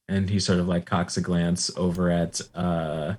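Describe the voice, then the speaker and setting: A man narrating as game master of a tabletop role-playing game, relaxed and rambling with many fillers. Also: low voice, measured pace.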